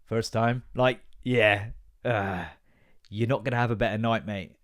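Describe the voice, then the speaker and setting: A man's voice: fairly low pitch, fairly even intonation, a little slow, a bit bright. A man, hosting a casual comedic podcast monologue in a rambling, swearing, self-mocking way. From England. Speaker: podcast host.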